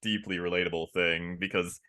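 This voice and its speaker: Man, voice actor guest, lowish bright voice, casual animated chat, candid. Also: moderate pace, clear, resonant tone. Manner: animated, acts out quoted lines with big pitch jumps.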